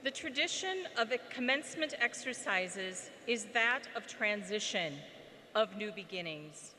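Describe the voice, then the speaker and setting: A woman reading a reflective passage in a deliberate, formal way to a ceremony audience in a large indoor arena. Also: medium pitch, animated, pushed and bright. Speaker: ceremony speaker leading reflection. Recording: long arena reverb, faint hum.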